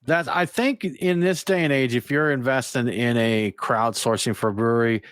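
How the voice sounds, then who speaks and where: A man co-hosting a beer podcast in a relaxed, joking back-and-forth. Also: mid-range voice, moderate pace, smooth, no echo, studio quality. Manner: easygoing, joking banter. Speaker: podcast co-host. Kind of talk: casual chat.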